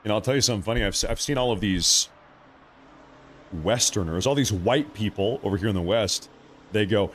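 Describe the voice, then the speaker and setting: A man's voice: lowish voice, a little fast, a bit bright. A man hosting a live news commentary stream, talking in a conversational and emphatic way that repeats points for effect.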